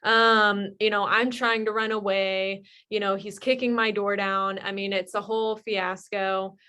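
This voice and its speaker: A woman's voice: mid-range voice, flat delivery, a little slow, sharp tone, clear, resonant tone. A young woman candidly telling her personal recovery story, emotional and full of fillers. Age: young adult. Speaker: guest sharing recovery story. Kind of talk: personal testimony.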